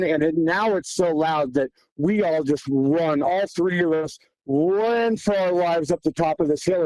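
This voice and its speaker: Man with a fairly high voice, dry close sound, recounting a tense wilderness hunt with vivid quoted dialogue. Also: mellow, no room sound, poor audio. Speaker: guest hunter recounting an encounter. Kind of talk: casual storytelling.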